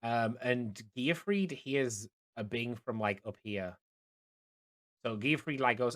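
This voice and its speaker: A young man narrating as dungeon master of a tabletop game, halting and full of fillers. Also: medium pitch. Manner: hesitant, many fillers and restarts.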